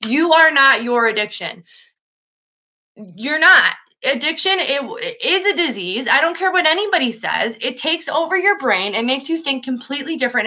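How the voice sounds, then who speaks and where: Casting note: distraught woman on a live stream, bright and tense tone, swears, breaks off mid-sentence. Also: sits high, expressive, fairly quick. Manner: upset, swears, trails off and restarts. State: sad and agitated. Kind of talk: emotional live-stream monologue.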